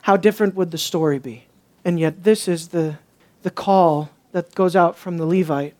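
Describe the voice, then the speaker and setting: A man preaches an expository sermon with a fairly high pitch at normal speed. He raises rhetorical questions, moves between quiet and emphatic moments, and turns sarcastic as he mimics others.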